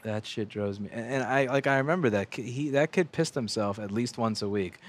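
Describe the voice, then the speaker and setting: A man's voice: mid-range voice, brisk. Profane rambling man ranting at his bench. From United States. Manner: profane, rambling, animated rants with mocking put-on voices. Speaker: repair shop owner streaming bench work. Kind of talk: casual ranting livestream.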